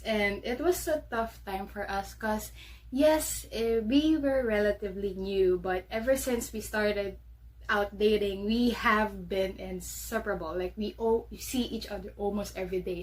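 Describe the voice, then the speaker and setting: A woman's voice: medium pitch, steady tone, a little slow. A woman with a Filipino accent hosting a casual solo podcast from her bedroom, chatty and bubbly with frequent laughter. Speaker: podcast host.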